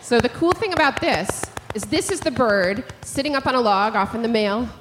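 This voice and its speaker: A middle-aged woman leading a live audience through bird calls, explaining and imitating them with animated energy. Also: on the high side, fairly quick. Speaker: bird call teacher. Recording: hall reverb, faint noise.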